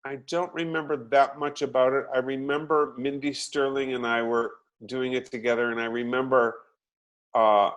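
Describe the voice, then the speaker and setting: A man, an actor as a guest, chatting casually and telling animated, self-deprecating stories. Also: medium pitch, normal speed. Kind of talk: casual chat.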